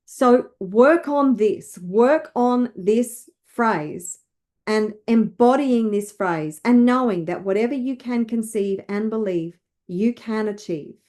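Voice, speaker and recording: A woman wealth coach leading listeners through slow, emphatic affirmations to repeat after her. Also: on the high side, darkish tone.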